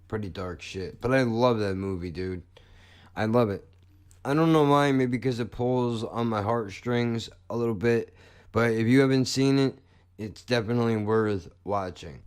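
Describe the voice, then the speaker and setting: A man's voice: on the low side, a little mellow. A man hosting a podcast in casual chat, blunt and profane, joking as he talks. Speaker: podcast host.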